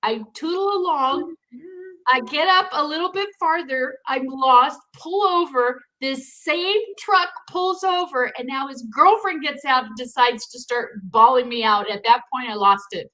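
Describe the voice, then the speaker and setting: A middle-aged woman co-hosting a business podcast, talking casually and telling animated stories. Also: high-pitched, unhurried, low-quality recording. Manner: animated storyteller, acts out voices and laughs. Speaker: podcast co-host. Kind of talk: casual chat.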